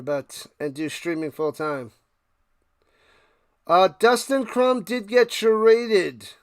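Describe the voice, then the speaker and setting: A man with a high voice hosts a live stream, calling a football game in an easygoing, unhurried way and chatting with viewers between plays. He gets loud and excited on big gains. He keeps coughing and clearing his throat, and his voice is close and dry, with no room sound around it. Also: no room sound. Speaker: live stream host doing play-by-play. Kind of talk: casual live play-by-play and chat.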